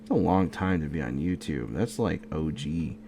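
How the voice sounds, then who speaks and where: It's midnight, and a man with a gravelly bass voice is drawing for his video at home, chatting in a relaxed, rambling way, yawning sleepily and muttering to himself. His pace is moderate, and background noise is clearly audible.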